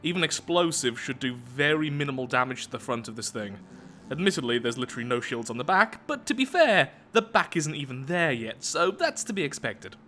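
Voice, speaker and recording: A man's voice: mid-range voice, sing-song, brisk, pushed and bright, slight background noise. A man commenting casually on his own gameplay as he builds, thinking aloud in a chatty, self-mocking way. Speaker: let's play gameplay host.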